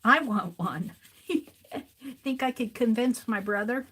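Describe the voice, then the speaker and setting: Casting: higher-voiced woman, unhurried, chatty craft-stream host who thinks aloud and repeats herself. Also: fairly bright tone, slightly rough. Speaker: art journaling livestream host. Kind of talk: casual chat while crafting. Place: home craft desk.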